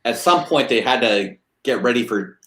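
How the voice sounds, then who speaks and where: A man's voice: mid-range voice, expressive, brisk, sharp tone, reverberant, a little hiss or hum, poor audio. A man hosting a casual group chat, thinking aloud in long rambling sentences.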